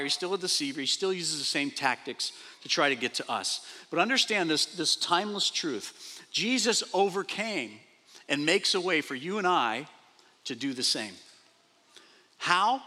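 A man pastor preaching a sermon, animated, repeating phrases and acting out quoted speech. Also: on the high side, unhurried. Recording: long reverb of a large hall.

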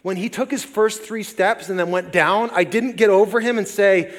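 A man in his forties preaching a sermon as pastor, lively and conversational with jokey asides. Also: high-pitched, normal speed. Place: church sanctuary. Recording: long reverb of a large hall.

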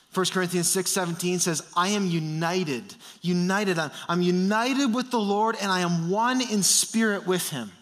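A male preacher delivering an impassioned sermon in a high, bright voice. He swings from loud, fervent declarations to hushed, intense passages.

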